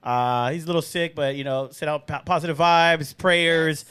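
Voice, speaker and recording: A man hosting a casual podcast, loud, excitable and joking. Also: a little high, normal speed, smooth. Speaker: podcast host.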